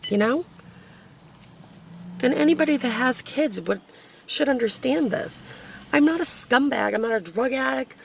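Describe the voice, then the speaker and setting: A woman's voice: medium pitch, vocal fry, a little hiss or hum. A young woman venting bluntly and profanely in a casual vlog, filmed on a handheld phone inside her car. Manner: exasperated ranting, blunt and profane. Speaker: vlogger, single mother. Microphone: handheld phone, shaky.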